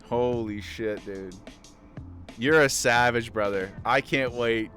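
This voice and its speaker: A man streaming casually, chatting loosely and getting excited, swearing freely and repeating himself. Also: mid-range voice, slow, clean tone, soft background music. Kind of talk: casual livestream chat.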